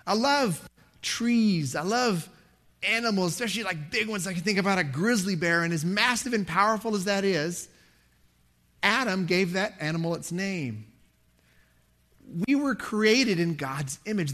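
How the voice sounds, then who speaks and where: High-voiced man preaching conversationally. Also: fairly bright tone. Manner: conversational, self-deprecating, rises in pitch for emphasis. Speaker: pastor. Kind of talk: sermon.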